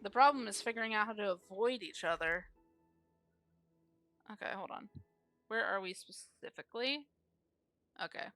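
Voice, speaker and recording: A woman's voice: medium pitch, animated, normal speed, pauses often, a bit bright, no room sound, faint music behind. A woman streamer giving casual live commentary on a game, grumbling aloud and swearing freely.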